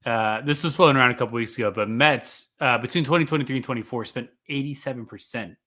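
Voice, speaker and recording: A man's voice: medium pitch, quick pace, sharp tone. A man co-hosting a casual sports podcast, explaining stats with dry humor. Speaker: podcast co-host.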